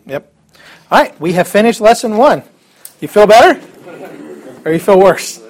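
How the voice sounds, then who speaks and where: A man's voice: high-pitched, expressive, moderate pace. A man teaching a Greek alphabet class in a classroom, upbeat and chatty with joking asides. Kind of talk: classroom lesson.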